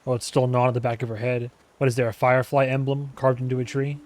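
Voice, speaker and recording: A man's voice: mid-range voice, monotone, fast talker, a little mellow, slight background noise. A man hosting a reaction video, talking casually and rambling with lots of fillers, laughing often.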